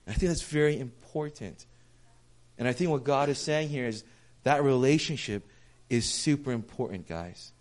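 A man preaching to a congregation in a relaxed, storytelling way, acting out the back-and-forth of conversations with a friend. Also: medium pitch, moderate pace. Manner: casual, storytelling, acts out dialogue. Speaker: pastor. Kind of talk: sermon.

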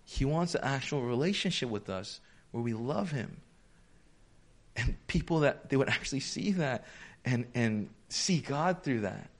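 A man preaching a sermon in a conversational, animated way, acting out quoted voices as he goes. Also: medium pitch, unhurried. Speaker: pastor.

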